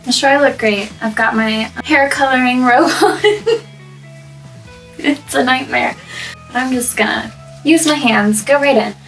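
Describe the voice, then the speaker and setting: A young woman chats her way through a story, laughing often and trailing off mid-thought. Her voice sits a touch high. She sounds a little away from the microphone, with faint music behind her. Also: a little slow, long pauses, a bit bright, far from the mic, poor audio. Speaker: vlogger. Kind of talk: casual story time while coloring hair. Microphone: microphone placed up by the camera.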